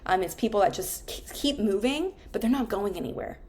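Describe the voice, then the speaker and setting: A woman's voice: mid-range voice, expressive, brisk, a little mellow, slight background noise. A woman in her thirties, a therapist, talking candidly and emotionally about her own life, swearing often. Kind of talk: reflective personal monologue.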